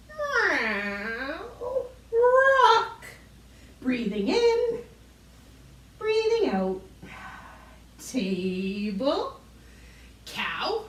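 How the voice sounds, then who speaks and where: A woman's voice: very high-pitched, recorded from a distance. A woman leading a children's yoga class, playful and encouraging, making animal sounds for the kids. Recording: roomy echo, voice from off mic.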